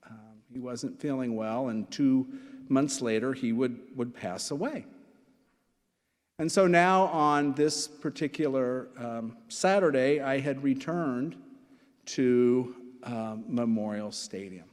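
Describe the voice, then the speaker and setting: A man's voice: mid-range voice, takes it slowly. A man in his sixties, a pastor preaching a sermon, telling personal stories with asides and repeated phrases. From Nebraska. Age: 60s. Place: church sanctuary. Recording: long hall reverb from church.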